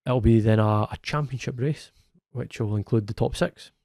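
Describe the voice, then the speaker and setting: A man's voice: mid-range voice, a little mellow, no room sound. Chatty man, dry close sound. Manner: chatty, self-correcting, quick laughs. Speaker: podcast co-host. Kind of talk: casual chat.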